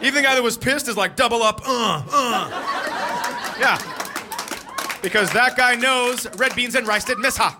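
A man's voice: very high voice, moderate pace, a crowd in the background, background noise. A man from Minnesota doing a stand-up comedy routine, joking and acting out voices and sounds. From Minnesota, USA. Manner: animated, jokey, acts out voices and sounds.

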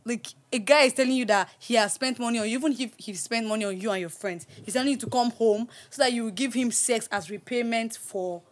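A woman hosting a podcast, chatting casually and telling stories with lively laughs. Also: on the high side, a little fast, hardly any pauses. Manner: animated storytelling, laughs often. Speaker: podcast host. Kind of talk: casual chat.

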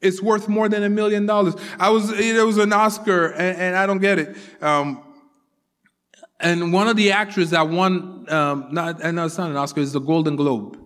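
High-voiced preacher in an echoing hall. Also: male voice, steady tone, moderate pace, a bit bright. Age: adult father of four children. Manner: earnest, repeats key phrases for emphasis. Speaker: pastor. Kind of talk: sermon. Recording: long hall reverb.

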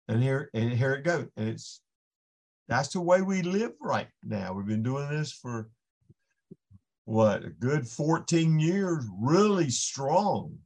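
A man's voice: mid-range voice, animated, a little slow, darkish tone. A man, a podcast guest, giving an impassioned faith testimony in an earnest storytelling manner with frequent restarts.

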